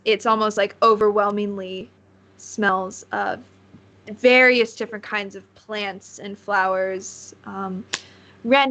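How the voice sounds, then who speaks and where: A woman narrating a tabletop game as game master, relaxed and rambling with frequent fillers. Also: mid-range voice, low-quality recording.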